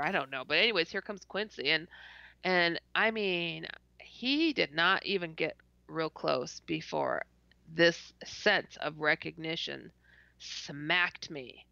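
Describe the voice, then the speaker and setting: With a forceful, bright, gravelly voice pitched fairly low, a woman appearing as a podcast guest unhurriedly tells a lively story in a casual interview, often laughing, stuttering, and acting out her responses. The recording is dry, heard through dull lo-fi call audio.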